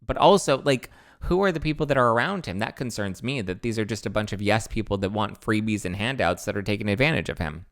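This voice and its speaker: A male host rambles through pop-culture gossip in a relaxed, chatty way and drifts into side comments. His voice sits on the low side and sounds clean and resonant. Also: fast talker, few pauses. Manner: chatty, rambling with asides and fillers.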